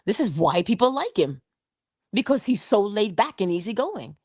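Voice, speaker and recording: A middle-aged woman from Barbados, telling an inspirational story in an expressive way with drawn-out emphasis. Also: mid-range voice, husky, no echo, studio quality. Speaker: inspirational vlogger. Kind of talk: storytelling motivational talk.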